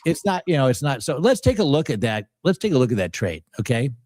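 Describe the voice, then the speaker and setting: A man co-hosting a live trading stream, excitably calling out prices and countdowns. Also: mid-range voice, quick pace, no room sound. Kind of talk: live market commentary.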